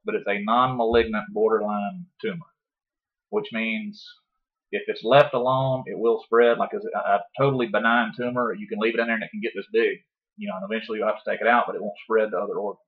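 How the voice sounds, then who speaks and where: A man telling a long story in casual podcast talk, profane and animated, acting out his own past words. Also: on the low side, quick pace. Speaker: podcast guest. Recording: dull lo-fi podcast audio.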